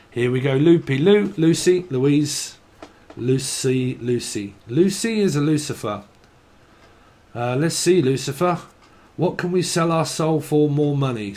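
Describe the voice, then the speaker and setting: Man, from northern england, tarot reader, rambling, sweary, laughs often, mid pitch. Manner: rambling, sweary, free-associating on words. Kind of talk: casual channelled tarot reading.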